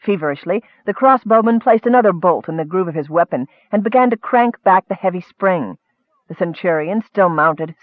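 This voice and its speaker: A man with a high voice narrates an audiobook, adding scholarly asides addressed to a superior. The recording is thin and phone-like, with no room sound.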